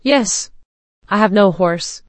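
A woman's voice: mid-range voice, takes it slowly, dry recording, close to an everyday voice. Woman reading a haughty young priestess. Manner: haughty and commanding.

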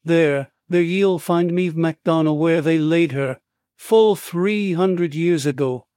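A man's voice: a little high, slow pace, a little mellow, dry recording, clean studio sound. A man reading an audiobook, voicing a burly, drunken longshoreman with a thick Irish brogue who stammers in fright. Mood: fearful. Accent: Irish brogue (put on). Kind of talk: audiobook character voice.

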